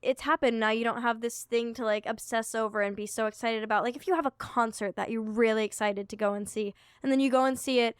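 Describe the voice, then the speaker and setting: A woman's voice: a little high, steady tone, quick pace, few pauses, clean tone, no room sound, clean studio sound. A young woman co-hosting a podcast, chatting and reflecting, often laughing. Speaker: podcast co-host. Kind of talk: casual chat.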